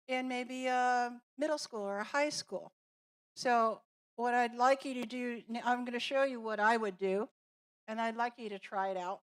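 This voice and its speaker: Speaking at a fairly high pitch with a slightly bright tone, a woman presents a classroom workshop for teachers. She slowly and deliberately explains an activity in steps, demonstrating with examples.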